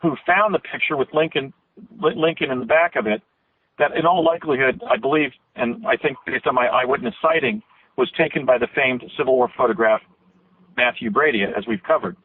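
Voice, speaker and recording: A man's voice: medium pitch, fairly quick, slightly rough. Earnest man on a tinny phone line. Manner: earnest, long detailed storytelling; emotional, voice catching. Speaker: radio show guest. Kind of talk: phone-in radio interview.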